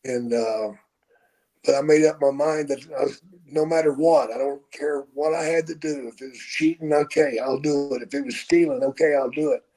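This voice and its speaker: This older man speaks in a fairly high register for a man and talks at an easy, unhurried pace. He tells stories from his own life on a podcast in a casual way and swears freely. He sounds in his sixties. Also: steady tone, mellow, poor audio. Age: 60s. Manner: profane, unhurried storyteller. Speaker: podcast host telling his own story. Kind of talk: casual storytelling.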